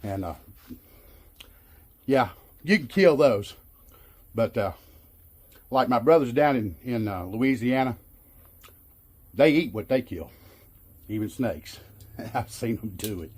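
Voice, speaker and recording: A man's voice: medium pitch, animated, takes it slowly, pauses often, a little mellow, slightly rough. A middle-aged man from Arkansas with a Southern drawl, rambling in a folksy, self-amused way as he vlogs a DIY job. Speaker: vlogger. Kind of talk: casual DIY vlog talk.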